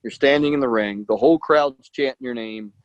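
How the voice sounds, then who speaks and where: A man's voice: medium pitch, fairly quick, no echo, dull audio. A male wrestler guest telling his story in a rambling casual way, acting out quotes with lots of "like". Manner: rambling, acts out quotes, many "like"s.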